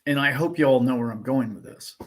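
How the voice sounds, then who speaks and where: A man hosts a casual livestream, ranting emphatically and firing off rhetorical questions. His voice is mid-range and he talks a little fast.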